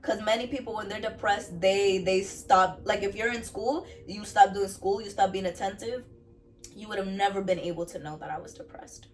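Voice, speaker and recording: Young woman, earnest personal testimony, mid pitch, mic set back a bit. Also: fairly even intonation, normal speed, recorded from a distance, a little hiss or hum. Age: young adult. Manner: earnest, repeats phrases for emphasis. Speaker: vlogger sharing her faith testimony.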